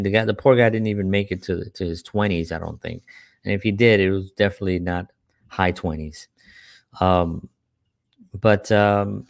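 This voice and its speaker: Earnest man with a low voice. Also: gravelly, dry recording, studio quality. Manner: earnest, rambling, frequent rhetorical "right?". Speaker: church worker telling stories. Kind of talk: personal storytelling talk.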